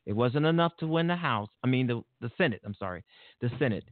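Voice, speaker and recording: A man's voice: medium pitch, animated, fast talker, dry recording. Angry talk show host, man, profane and rambling; thin phone-line sound. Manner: heated, profane, rambling with restarts. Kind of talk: angry political commentary. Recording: tinny phone-like line, dry.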